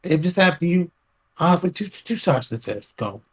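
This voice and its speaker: Man podcast co-host, husky voice, lively swings, keeps cutting in. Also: on the high side, fairly quick. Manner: excitable, interrupts, stammers restarts. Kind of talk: heated casual podcast talk.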